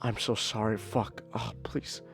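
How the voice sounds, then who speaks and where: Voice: very animated, a little slow, soft background music. Optimus Prime, as a podcaster puts him on. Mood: tender. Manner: soft, low and hushed. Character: gentle, noble giant robot leader.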